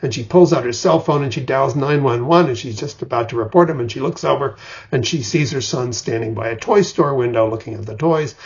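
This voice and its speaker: A mid-range, gravelly, slightly rough voice belongs to an older man teaching screenwriting. In his explanatory lecture he acts out vivid examples as he goes, captured on a dull lo-fi recording.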